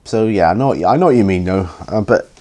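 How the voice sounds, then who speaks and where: A tired man hosting a hobby Q&A, rambling and hesitant with many pauses and ums, yawning as he goes. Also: sits low, expressive, mellow. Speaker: hobby channel host answering viewer questions. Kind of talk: casual Q&A chat.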